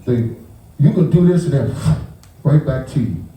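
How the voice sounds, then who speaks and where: Animated man, heavy echo from a distance. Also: medium pitch, normal speed. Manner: animated, acts out the scene, restarts and repeats words. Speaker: victim's uncle speaking out. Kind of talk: emotional storytelling to a gathering. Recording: very echoey, voice picked up from far off.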